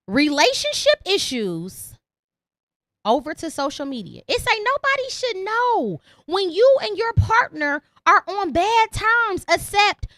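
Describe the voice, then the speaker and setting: Very high-pitched, blunt ranting woman host. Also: sing-song, unhurried, pushed and bright, no echo, studio quality. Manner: repeats lines for emphasis. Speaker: podcast host. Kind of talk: opinionated call-in podcast monologue.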